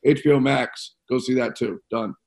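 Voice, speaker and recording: A man co-hosting a casual movie podcast, giving quick upbeat film picks with a playful showman touch. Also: medium pitch, creaky. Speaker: podcast co-host.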